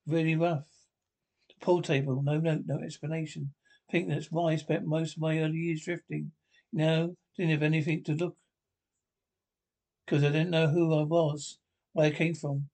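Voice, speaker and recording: A rootless Liverpool space bum. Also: male voice, on the high side, little pitch movement, normal speed, long pauses, darkish tone. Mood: wistful. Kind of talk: sitcom acting.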